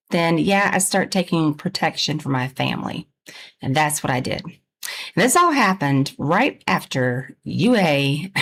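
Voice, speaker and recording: A woman with a Southern US accent, chatting casually on a livestream as its host, talking frankly and laughing often. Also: lowish voice.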